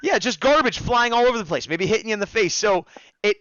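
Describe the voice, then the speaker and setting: A man hosting a casual review chat, recapping scenes in an animated way and acting out the characters' lines. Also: sits high, fast talker, no room sound, muffled recording. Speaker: podcast host reviewing episodes.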